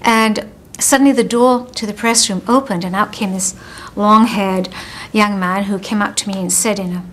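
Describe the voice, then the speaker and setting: An older woman being interviewed, reminiscing as a lively storyteller who laughs while she talks. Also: medium pitch, normal speed.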